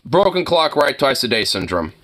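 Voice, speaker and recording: A man's voice: mid-range voice, very animated, normal speed, fairly bright tone. A man streaming, reacting to clips with profane, mocking commentary and frequent laughter. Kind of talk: casual commentary.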